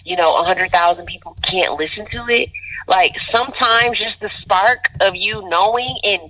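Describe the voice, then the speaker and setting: Woman guest, casual and profane, bright storyteller who acts out quotes. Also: medium pitch, normal speed, poor audio. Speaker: podcast guest. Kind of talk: casual chat.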